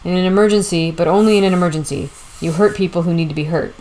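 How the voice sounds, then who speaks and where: A woman reading the lines of a sly, smooth-talking old male con man in an audiobook, confident and persuasive. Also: fairly low pitch, fast talker, darkish tone, close to an everyday voice, poor audio.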